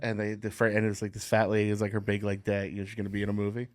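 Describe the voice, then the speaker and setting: A man's voice: fairly low pitch, monotone, very fast, no echo, studio quality. A man, a comedian and podcast host, telling rambling anecdotes with restarts in casual chat.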